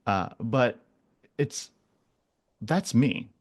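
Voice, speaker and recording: A man's voice: medium pitch, lively intonation, drawn-out words, husky. A man in his forties, a podcast guest talking casually and earnestly, often restarting and repeating words. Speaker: guest, animal communicator.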